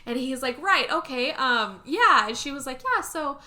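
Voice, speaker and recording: A woman co-host with a bright, fairly high voice recaps a movie in casual podcast chat. Her pitch swings widely as she acts out each character. She swears freely and keeps the story moving. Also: moderate pace. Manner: animated retelling, acting out lines, swearing.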